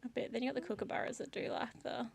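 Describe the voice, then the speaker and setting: A woman's voice: on the high side, very fast, gravelly, slightly rough. A young Australian woman, laid-back, co-hosting a casual chat and laughing often. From Cairns, Australia. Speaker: co-host.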